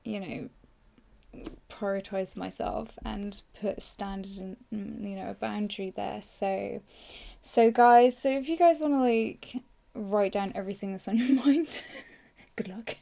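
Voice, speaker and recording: A young woman hosting a podcast, hoarse and tired, rambling through a casual live journaling session close to the mic. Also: medium pitch, a little slow, mellow. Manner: rambling, filler-heavy, self-deprecating. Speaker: podcast host. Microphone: close microphone.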